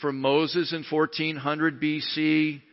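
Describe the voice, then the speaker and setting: A man preaching a sermon as pastor, emphatic, swinging between sudden loud rises and quiet drops. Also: on the high side, level tone, takes it slowly. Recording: dull sound with long hall reverb.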